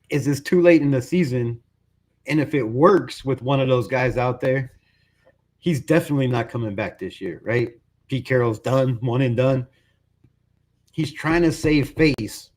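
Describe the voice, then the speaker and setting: A man's voice: mid-range voice, darkish tone. A man hosting a fan channel, giving a casual, frustrated sports rant full of "bro" and "right?". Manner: frustrated, conversational, says "bro" and "right?" a lot.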